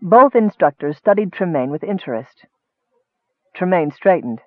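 A man reading a fantasy novel aloud in steady, measured narration. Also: sits high, dry recording. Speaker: audiobook narrator. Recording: thin phone-like dry sound.

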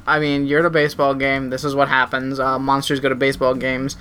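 A man's voice: mid-range voice, monotone, fast, pushed and bright, slight background noise. A man co-hosting a casual podcast, reacting with profane outrage. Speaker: podcast co-host. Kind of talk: casual chat.

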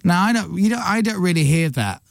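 A man's voice: high voice, vocal fry, no room sound, studio quality. Chatty man hosting a radio show. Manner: chatty storyteller, quick and animated. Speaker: radio breakfast show host. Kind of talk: casual studio chat. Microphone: studio microphone.

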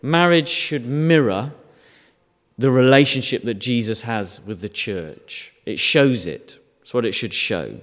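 In a conversational sermon, a man asks rhetorical questions and briefly acts out quotes. His medium-pitched voice is expressive, unhurried and fairly bright, and the recording carries a long reverb.

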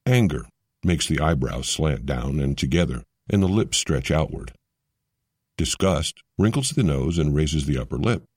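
Very deep, husky male narrator. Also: lively intonation, a little mellow, no room sound, clean studio sound. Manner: measured explanatory delivery. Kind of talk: scripted narration.

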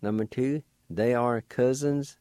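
A man teaching vocabulary in a radio lesson, spelling words letter by letter and sounding out each syllable slowly and deliberately. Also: mid-range voice, dark tone, smooth, no room sound. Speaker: language teacher.

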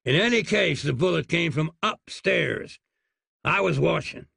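A man's voice: a little high, expressive, unhurried, gravelly, pushed and bright, breathy edge, no room sound, clean studio sound, voice pushed up, exaggerated voice. A man voicing an exasperated, well-spoken young hero who talks with indignant precision in a storybook reading.

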